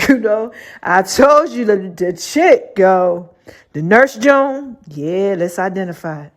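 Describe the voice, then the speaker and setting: A woman hosting her own podcast, telling a story in a casual, animated way with frequent laughs and slangy asides. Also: medium pitch, slow. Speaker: podcast host.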